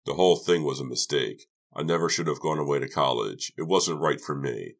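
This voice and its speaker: Casting: man doing a brash young prankster, very deep voice, cocky talk, dry close sound. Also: brisk, creaky, no room sound, full character voice. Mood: defensive. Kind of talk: audiobook character voice.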